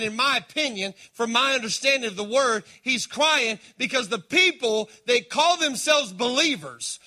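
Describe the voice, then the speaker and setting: High, bright-voiced male preacher. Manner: impassioned preaching, swinging between loud emphasis and hushed appeals; calls out to the congregation. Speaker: pastor. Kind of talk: sermon.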